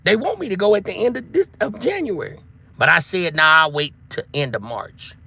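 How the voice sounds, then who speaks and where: A man, preaching to his online viewers in a loose monologue, swearing freely and shouting for emphasis. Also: sits high, big pitch swings, moderate pace, creaky, slight background noise. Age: 50s. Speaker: online show host.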